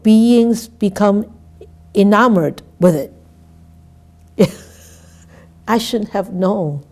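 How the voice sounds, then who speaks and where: A Buddhist nun giving a dharma talk. She speaks haltingly, repeats words and keeps asking "right?". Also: medium pitch, warm tone. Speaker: Buddhist nun teaching scripture.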